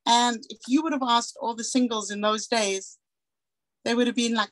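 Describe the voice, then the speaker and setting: A woman's voice: on the high side, steady tone, moderate pace, fairly bright tone, no echo, rough recording. A woman in her forties from South Africa, giving a candid, earnest personal talk as a guest speaker and acting out the dialogue she recalls.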